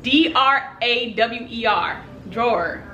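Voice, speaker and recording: A woman's voice: a little high, sing-song, fairly quick, pushed and bright, roomy sound, poor audio. A woman chatting casually with a friend, teasing and laughing often. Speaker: friend of the host. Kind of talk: casual chat. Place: car.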